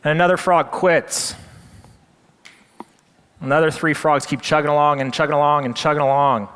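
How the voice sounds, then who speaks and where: Male presenter, dramatic storyteller, slightly high voice, big hall echo. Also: fairly even intonation, moderate pace, fairly bright tone, smooth.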